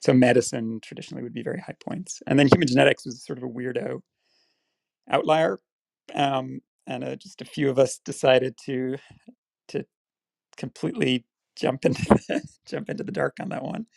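A man in his forties speaks with a faint South Dublin lilt under a strongly gravelly, fry-laden voice. He answers as an interview guest, relaxed and reflective, pausing on fillers, in a dry, close recording. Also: mid-range voice, dry recording. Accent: slight South Dublin Irish. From Ireland. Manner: relaxed, thoughtful, often pauses with fillers. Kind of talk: casual interview chat.

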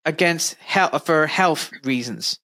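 A man, a surgeon hosting an interview, chatting with quick reactions and stories of his own. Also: on the high side, bright, forceful tone, no echo. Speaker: host, a surgeon.

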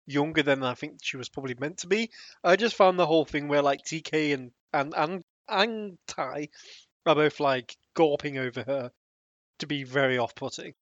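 A man's voice: a little high, normal speed, a bit bright, no room sound, highs cut off. Laughing man, dry close sound. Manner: laughs often, loose rambling delivery. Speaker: podcast co-host. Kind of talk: casual chat.

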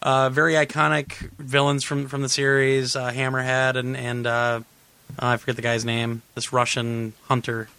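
Bright-voiced man chatting on a podcast. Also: medium pitch, level tone, normal speed, creaky, smooth, no room sound. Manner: rambling, self-correcting, laughs often. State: losing his voice. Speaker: podcast host. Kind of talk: casual gaming podcast chat.

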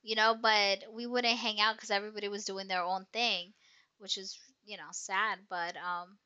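Bright, rambling young woman. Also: medium pitch, level tone, normal speed, clear, resonant tone, highs cut off. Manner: rambling, emotional storytelling with many fillers. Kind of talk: casual chat.

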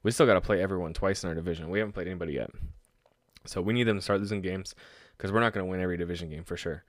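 A man with a deep, low voice runs through game results in a loose, excitable way. He swears freely and laughs at his own stories. The sound is dry and close, with no room around it. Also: rapid-fire, no room sound. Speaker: sports podcast host. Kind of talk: casual solo sports talk.

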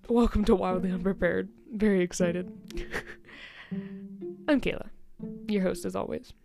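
Gravelly-voiced chatty young woman host. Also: medium pitch, steady tone, measured pace, music in the background. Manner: chatty, rambling, laughs often, many "like" fillers. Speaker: podcast host. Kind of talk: casual solo podcast chat.

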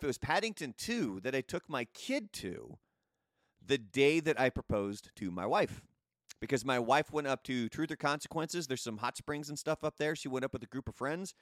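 A man's voice: mid-range voice, fairly bright tone, no echo, studio quality. A man hosting a casual news commentary show, chatty and opinionated. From United States. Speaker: host.

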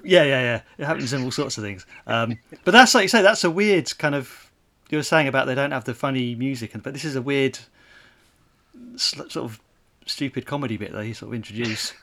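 A man's voice: mid-range voice, expressive, a little fast, a bit bright. Guy cohosting a movie podcast, chatty, lots of sort-ofs and you-knows. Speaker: podcast co-host. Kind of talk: casual chat.

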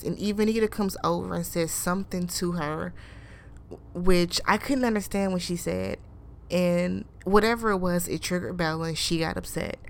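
A woman recapping a reality show in casual commentary, animated and incredulous, acting out what people said and asking rhetorical questions. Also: fairly low pitch, slight background noise. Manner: acts out quoted people.

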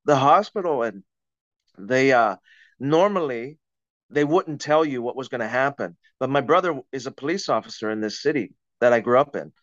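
A man's voice: medium pitch, expressive, normal speed, no echo, highs cut off. A man, a podcast guest, telling a personal story in conversation with vivid, dramatic retelling and acted-out quotes.

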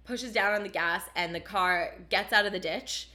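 A woman's voice: medium pitch, moderate pace. Young woman telling a wild story. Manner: animated storytelling, swearing, many "like" fillers. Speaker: storyteller guest. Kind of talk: casual chat.

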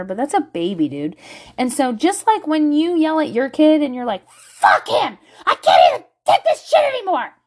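A woman's voice: medium pitch, dark tone. A middle-aged woman talking candidly to camera about parenting, blunt and profane, with lots of filler words. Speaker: parent vlogger. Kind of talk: candid casual monologue.

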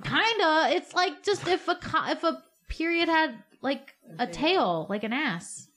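A woman with a high, very animated voice jokes around as a podcast co-host. She speaks at an unhurried pace in loose, playful banter. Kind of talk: casual chat.

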